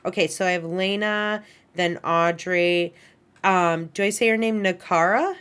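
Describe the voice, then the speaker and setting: A woman with a low, grounded voice teaches an online class over a computer mic. She talks loosely and informally, chatting with students as she clicks through her screen. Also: unhurried, a bit bright, smooth. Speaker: animation instructor.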